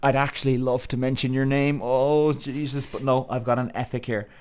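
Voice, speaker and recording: Guy in his 30s ranting on his podcast, worked up, swears a lot, keeps calling the listeners guys, middle pitch. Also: little pitch movement, normal speed, darkish tone, clean tone. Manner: heated, swearing, repeats himself, addresses listeners as guys. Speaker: podcast host. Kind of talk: animated solo podcast rant.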